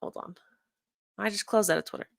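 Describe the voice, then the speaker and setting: Speaking briskly in an expressive, creaky voice of medium pitch, this young adult streamer reviews a live stream from her computer, chatting casually, rambling, cursing and muttering as she looks for things. Her desk microphone gives clean studio sound with no echo.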